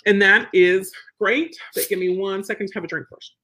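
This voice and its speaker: A woman's voice: medium pitch, fairly even intonation, normal speed, a bit bright. A woman dog trainer answering viewer questions in a casual, plain-spoken live teaching session. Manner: chatty, plain-spoken, acts out quotes.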